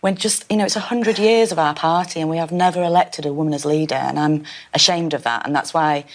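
Woman, politician, TV interview, indignant, low pitch, hesitant restarts. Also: fairly even intonation, a little fast. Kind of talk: TV news interview.

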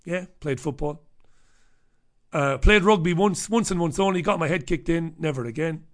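At a normal speed and with a voice on the high side, a middle-aged Irish man runs his radio show as a rambling comic monologue. He works through a checklist with irreverent humor, swearing freely along the way.

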